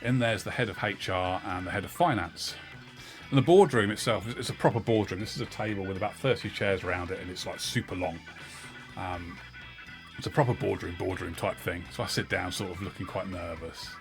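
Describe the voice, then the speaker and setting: A man's voice: low-pitched, fairly quick. A middle-aged man streaming a game, telling a rambling, profane story with many fillers. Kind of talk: casual storytelling while gaming. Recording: game music behind the voice. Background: game music.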